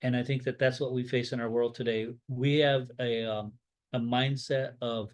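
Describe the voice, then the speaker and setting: A rabbi teaching a Bible study in a loose, conversational way, full of fillers and restarts, voicing strong opinions and telling stories. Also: male voice, medium pitch, moderate pace. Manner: rambling, off-the-cuff, with many fillers and restarts; opinionated, tells stories with lively acted-out dialogue. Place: Florida.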